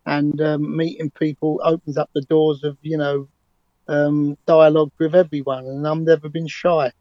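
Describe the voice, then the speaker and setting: An English cab driver in his sixties is a guest on a remote interview, telling stories conversationally in a confident, emphatic way and frequently restarting his sentences. His voice is a little high with a level tone and moderate pace, captured in a dry, lo-fi recording.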